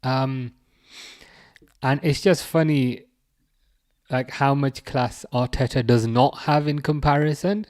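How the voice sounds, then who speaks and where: A man's voice: mid-range voice, takes it slowly, long pauses, darkish tone. Chatty English man streaming football. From England. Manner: chatty, reads chat messages aloud, teasing. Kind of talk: casual live-stream chat.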